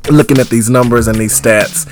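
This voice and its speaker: A man's voice: medium pitch, moderate pace, faint music behind. Worn-voiced man co-hosting a chat podcast. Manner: animated, breaks into singing and church exclamations. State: voice worn from singing all day. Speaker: podcast co-host. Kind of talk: casual chat.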